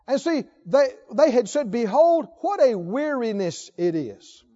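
A man preaching a sermon as pastor, reading scripture and rising to shouted exhortations to the congregation. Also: extremely high pitch, very animated, a little slow, few pauses. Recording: dull lo-fi sermon recording.

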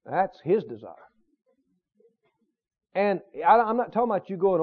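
Brief: a male preacher with a lively, emphatic delivery, muffled recording. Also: high-pitched, normal speed. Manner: emphatic preaching with repetition and questions to the congregation. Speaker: pastor. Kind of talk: sermon.

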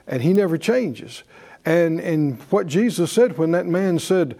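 Leading his listeners in call-and-response, this man runs a faith class in a relaxed sermon style, often restarting and using fillers. His voice sits high with a dark tone, and he keeps a measured pace.

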